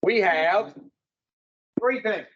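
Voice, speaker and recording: A man's voice: high-pitched, extremely slow, muffled recording. A man speaking to an addiction recovery group in a folksy, preaching way, putting rhetorical questions to his listeners.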